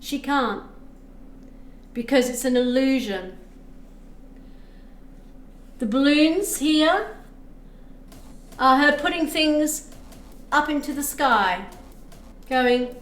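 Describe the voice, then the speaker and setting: A woman's voice: high-pitched, animated, drawn-out words, pauses often. A woman giving a live tarot reading on stream, chatting with viewers and thanking them as she explains the cards. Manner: chatty, reads chat aloud, thanks viewers. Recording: echoey room with faint music.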